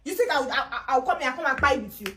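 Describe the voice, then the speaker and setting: A woman's voice: high-pitched, lively intonation, fairly bright tone, faint music behind. An actress with a Nigerian accent playing a wife who scolds and mocks her husband. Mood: scornful. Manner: fast, mocking, scolding. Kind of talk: comedy skit acting.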